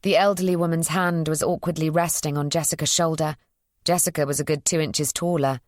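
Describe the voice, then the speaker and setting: A woman reading a psychological thriller as an audiobook narrator, in an even, measured storytelling voice. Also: deep voice, no room sound, studio quality.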